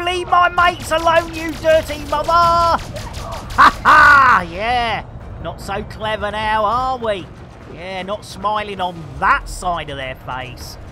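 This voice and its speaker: Excitable high-voiced Yorkshire man streamer. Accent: English, Yorkshire. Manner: excitable, shouts and taunts in bursts, British slang. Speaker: gaming streamer. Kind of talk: live gameplay commentary. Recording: game music loud behind.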